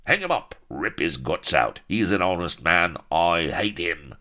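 A man's voice: sits low, animated, unhurried, bright, forceful tone, full character voice. A man voicing a raging male pirate who bawls in a frenzy. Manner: bawling.

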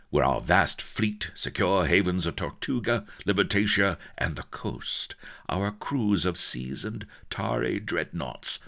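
A man voicing a sultry, cruel female pirate queen who speaks low and purring. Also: creaky, pushed and bright, heavily acted.

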